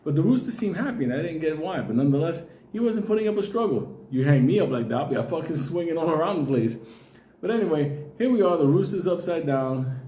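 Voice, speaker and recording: A man telling a profane, animated comic story, acting out the voices of the people in it. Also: on the high side, fast talker, reverberant. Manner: animated, swears constantly, acts out voices.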